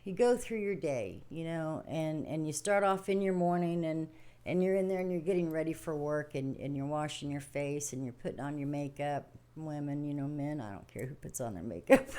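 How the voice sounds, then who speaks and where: A woman's voice: deep voice, a little mellow. An older woman hosting a livestream, talking casually about daily stress and spirit in a folksy, rambling way, acting out small scenes as she goes. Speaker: livestream host. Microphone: home livestream setup.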